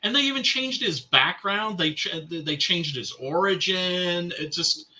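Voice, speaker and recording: Man, high bright voice, lively pitch, emphatic, casual podcast chat. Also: unhurried. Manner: emphatic, repeats himself, swears a lot. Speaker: podcast host.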